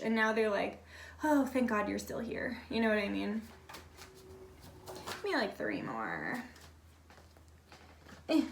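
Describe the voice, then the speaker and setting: A fairly high-voiced woman talks her way through a casual tarot reading in a loose, blunt way, cursing without a second thought. Her voice bounces around an echoey room. She sits a little back from the mic. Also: expressive, normal speed, creaky, long pauses, recorded from a distance, slight background noise. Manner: chatty and blunt, swears freely, many fillers like "like". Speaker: tarot reader.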